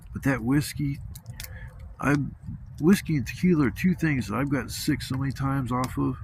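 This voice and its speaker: Man, low and gravelly, laid-back profane storyteller; noisy outdoor ambience. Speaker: vlogger. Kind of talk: casual storytelling. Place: outdoors at a campsite.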